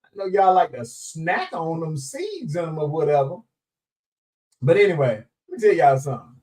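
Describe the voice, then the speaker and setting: Speaking at a normal speed in a slightly high voice, a man runs a live show and chats casually with his viewers, greeting them by name and often breaking into laughter. He's animated and playful in Southern Black vernacular, and the mic catches him from a bit of a distance.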